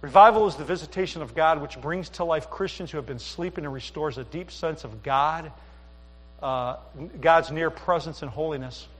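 A man's voice: fairly high pitch, normal speed, in a large hall. A middle-aged man preaching a sermon as pastor, telling folksy stories with asides to the congregation. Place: church sanctuary.

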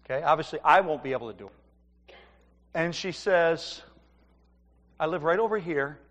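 Male pastor, high voice, fervent sermon delivery, long hall reverb. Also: moderate pace. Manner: fervent, rising to loud preaching.

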